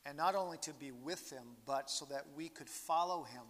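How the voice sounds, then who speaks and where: A man preaching a sermon as pastor, slow and earnest, his voice swelling and falling in loudness as he stresses each point. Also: fairly high pitch. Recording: long hall reverb.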